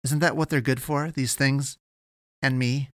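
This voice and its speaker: A man's voice: medium pitch, fairly even intonation, measured pace, fairly bright tone, no echo, clean studio sound, voice pushed up, close to an everyday voice. A man voicing a bitter young man who has come to despise humanity. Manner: bitter, mumbling then rising. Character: bitter young man turning monstrous, disgusted.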